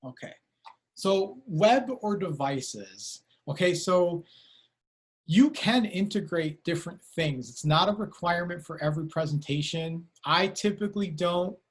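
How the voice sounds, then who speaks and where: A man's voice: high-pitched, expressive, a little slow. A man giving an online university lecture over a video call, talking casually with many fillers and self-corrections.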